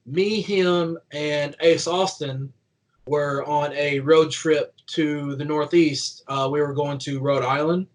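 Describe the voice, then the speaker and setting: A young man with a Kentucky country twang chats as an interview guest, his voice sitting a little high for a man. He rambles through his stories with plenty of "like" and laughs as he goes. His talk stays loose and conversational. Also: fairly even intonation, takes it slowly, low-quality recording. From Kentucky, USA. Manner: rambling and chatty, full of "like", laughing while telling stories. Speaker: guest, professional wrestler. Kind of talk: casual interview chat.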